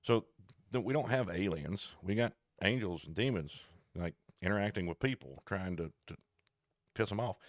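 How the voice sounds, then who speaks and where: A man co-hosting a casual podcast chat, talking in an animated, digressive, jokey way. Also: deep voice, normal speed, dry recording, studio quality. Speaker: podcast co-host.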